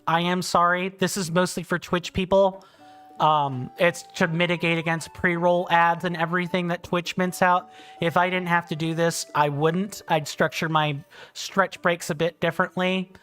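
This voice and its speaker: Clean in tone, a bit bright and fairly high, this man in his thirties hosts a casual game livestream. He's from South Carolina but sounds British, and he reads chat in a rambling, friendly manner packed with fillers and restarts.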